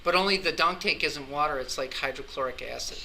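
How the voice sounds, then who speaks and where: A man's voice: fairly high pitch, fairly quick, creaky, bright, forceful tone. A man teaching an anatomy and physiology class, lecturing in a playful, teasing way with rambling jokes. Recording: classroom recording with background noise.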